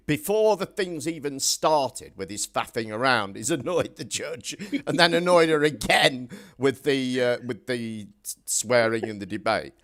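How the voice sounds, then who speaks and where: A man's voice: mid-range voice, fairly bright tone. A man chatting casually on a podcast, reflecting on a story and joking with the others.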